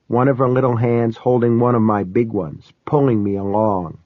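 A man reading a first-person story aloud as an audiobook narrator, in a steady, measured storytelling manner. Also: mid-range voice, no room sound. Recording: dull, slightly lo-fi dry recording.

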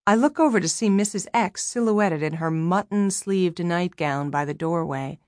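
A woman's voice: on the low side, normal speed, darkish tone, no room sound, clean studio sound. Wry woman narrating an audiobook. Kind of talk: first-person novel narration.

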